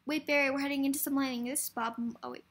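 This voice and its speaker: A woman's voice: high-pitched, steady tone, racing, fairly bright tone. A woman reading a film script aloud for a variety show, hurrying through with stumbles and restarts.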